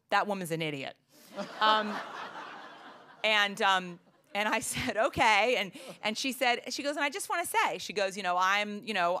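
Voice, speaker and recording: A woman's voice: on the low side, sharp tone. A middle-aged woman, a psychology professor, telling a story in a Q&A with many fillers and restarts. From United States. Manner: chatty, many fillers and restarts, laughs often. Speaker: psychology professor giving a talk. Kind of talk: storytelling answer in a Q&A.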